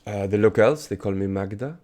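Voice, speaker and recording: Elven witch woman, played by a man, low voice, cool, evasive, tabletop game. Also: little pitch movement, moderate pace, warm tone, lightly acted. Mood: aloof.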